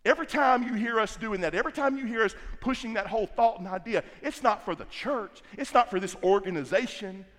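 Male pastor, middle-aged, high voice, emphatic sermon delivery, repeats phrases, echoing church hall. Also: a little fast, few pauses, fairly bright tone. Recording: long hall reverb.

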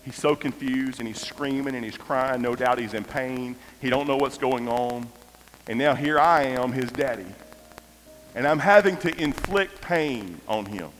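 Pastor preaching in a hall. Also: male voice, medium pitch, measured pace, fairly bright tone, faint music behind. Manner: conversational, repeats and restarts, builds to impassioned. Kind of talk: storytelling sermon. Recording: reverberant hall, faint noise.

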